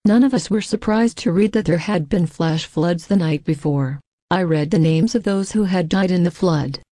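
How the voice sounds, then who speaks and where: A woman narrating a scripted ghost story in the first person, reading in a measured, even way and reading out the quoted lines herself. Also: fairly low pitch, no echo.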